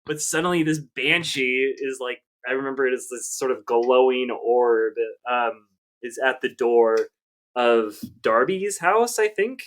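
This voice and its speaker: A man in his thirties telling his story at an easy, middling pitch, rambling and full of ums and likes. He circles back on himself as he talks in a casual podcast chat. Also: unhurried, fairly bright tone. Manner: rambling, hesitant, many fillers. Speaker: podcast co-host.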